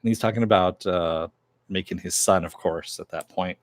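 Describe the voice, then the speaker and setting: A lower-pitched man talks through a TV episode recap in a relaxed, meandering way, with a chuckle here and there. His voice sits close and dry, with almost no room sound. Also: moderate pace, no echo. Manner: rambling retelling that acts out quoted dialogue, chuckling now and then. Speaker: TV series reviewer.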